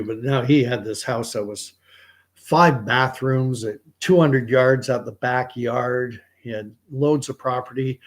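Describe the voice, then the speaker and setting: Middle-aged canadian guy rambling thru a story, lots of restarts, casual commentary. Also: medium pitch.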